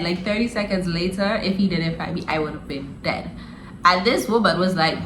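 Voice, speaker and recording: A woman's voice: on the low side, moderate pace, a bit bright. Laughing young woman telling a story. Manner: laughing often, slangy, addresses viewers as y'all. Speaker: vlogger. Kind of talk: casual storytime. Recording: roomy echo, faint noise.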